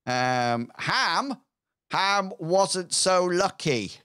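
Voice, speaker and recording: A man runs a tabletop game at an unhurried, deliberate pace. He narrates haltingly, with plenty of ums and pauses between phrases. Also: high-pitched, expressive, sharp tone, clear, resonant tone. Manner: hesitant, with many fillers. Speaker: game master.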